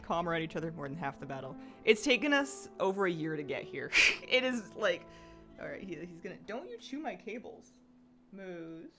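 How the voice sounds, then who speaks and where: A woman live-streaming a game who chats casually, laughs often and coos at her pets in a high sing-song. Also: very animated, brisk, loud music behind the voice.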